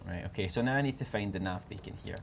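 A man's voice: fairly low pitch, quick pace, background noise. A British man hosting a game stream, chatting casually and joking while he plays. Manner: playful, joking, thinks aloud. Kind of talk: casual let's play chat.

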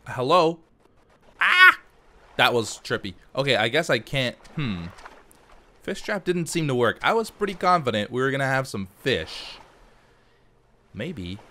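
Lively, chatty male game commentator. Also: mid-range voice, slight background noise. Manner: chatty, self-narrating, joking to himself. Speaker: let's play host. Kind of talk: casual gameplay commentary.

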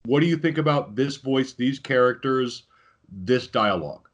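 A man co-hosting a podcast in casual chat, enthusiastic and emphatic, quick to agree. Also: medium pitch, lively intonation. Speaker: podcast co-host. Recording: dull, slightly husky lo-fi audio.

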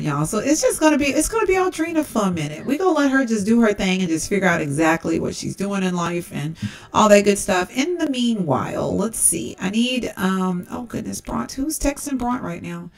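A chatty woman talks through her gameplay casually and calls her viewers y'all. Her voice sounds distant, as if she is set back from the mic, in a low-quality capture. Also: big pitch swings, brisk. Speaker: let's-play host.

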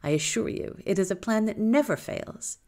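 A woman voicing a cunning young village girl in a high, hushed, breathy voice. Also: expressive, moderate pace, close to an everyday voice. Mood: sly.

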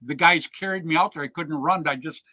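A man hosting a show, telling casual stories in an animated, chatty way and checking in with "right?" and "man". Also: fairly high pitch, a little fast, dry recording. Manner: animated yarn-spinner, peppers lines with "man" and "right?". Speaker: show host. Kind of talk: casual storytelling chat.

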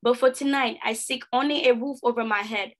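A woman's voice: fairly high pitch, steady tone, a little fast, close to an everyday voice. A woman doing a dogged, formal old-time tallyman. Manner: formal, old-fashioned proclaiming. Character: earnest weary male census taker.

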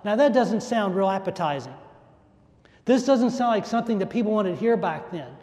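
This preacher's voice is high, expressive, and darkish, moving fairly quickly. Giving a sermon in a large, echoing church, he stresses points by repeating phrases and lets his voice rise and fall with emphasis.

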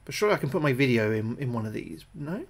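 A British man streaming a game live, talking through each move, often repeating himself, thanking his viewers and getting jumpy and loud when spooked. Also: mid-range voice, sing-song, quick pace, creaky. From United Kingdom. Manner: chatty, repeats his own phrases, thanks viewers between moves. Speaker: gaming livestreamer. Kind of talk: live gameplay commentary.

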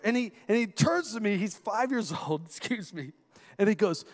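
A man in his thirties preaches with a high, lively voice that carries through a long, echoing hall reverb. He tells stories animatedly, acting out voices and building to shouts. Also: normal speed. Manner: animated storyteller who acts out quoted voices and rises to shouts. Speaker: guest preacher. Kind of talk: sermon with personal storytelling.

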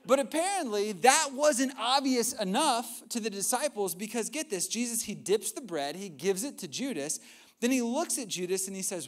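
A young male pastor delivers a sermon in a notably high voice. He tells the story in a lively, conversational way, with asides and acted-out quotes. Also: normal speed.

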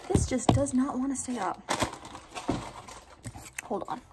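Young woman, fairly high voice, soft whispering chat, casual kitchen vlog at night. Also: slow, over loud music. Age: young adult. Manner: mostly whispering, chatty. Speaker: student vlogger.

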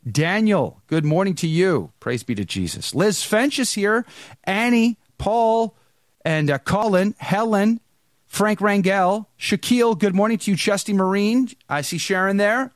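A man's voice: high voice, no room sound, studio quality. A man hosting a live podcast, greeting viewers in the chat one by one by name before he brings in his guest. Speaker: podcast host.

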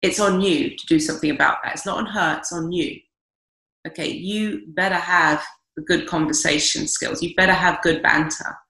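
Blunt forties woman dating coach, bright forceful tone, slightly low pitch, echoey room. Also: fairly even intonation, normal speed, gravelly. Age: 40s. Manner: blunt, emphatic, swears freely. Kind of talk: podcast guest giving advice.

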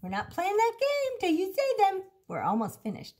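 A woman's voice: very high voice, wildly swooping pitch, normal speed, darkish tone. A woman speech therapist giving a lesson to young children, stretching out practice words in a sing-song, child-directed way. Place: at home with her dog nearby. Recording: echoey room.

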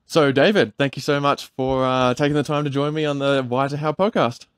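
A man's voice: mid-range voice, fairly even intonation, fairly quick, smooth, dry recording. A man hosting a podcast interview, enthusiastic and chatty, laughing easily. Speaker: podcast host.

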